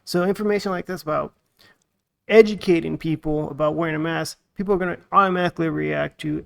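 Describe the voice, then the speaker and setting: A man hosting a casual podcast chat, laying out his opinions in a measured way. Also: fairly high pitch, steady tone, vocal fry. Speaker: podcast host.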